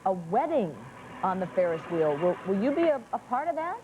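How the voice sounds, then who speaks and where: A woman's voice: medium pitch, big pitch swings, normal speed, background noise. A woman co-hosting a TV talk show in a teasing, playful way, laughing often. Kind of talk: playful morning TV chat.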